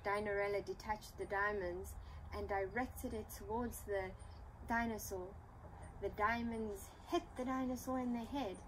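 A woman reading a children's storybook aloud in an unhurried, expressive manner. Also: medium pitch, a little hiss or hum, rough recording. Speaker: storybook reader.

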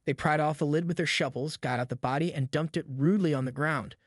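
A man reading a novel aloud in steady, measured audiobook narration. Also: a little high, no echo, clean studio sound.

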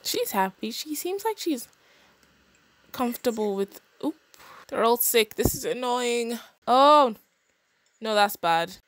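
A young woman casually narrating a life-sim game, chatty and expressive with quick reactions. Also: on the high side, dry recording. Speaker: gaming channel host.

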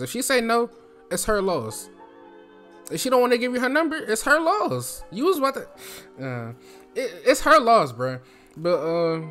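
A man's voice: sits high, fairly bright tone. A young man from New Jersey giving casual advice in a loose, slangy, chatty way, speaking from his throat.

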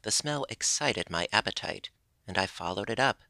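A loyal, hungry male dog, read by a man from a storybook. He speaks calmly and plainly in a low, gravelly voice with a bright edge. The sound is close and dry. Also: moderate pace, no room sound, heavily acted.

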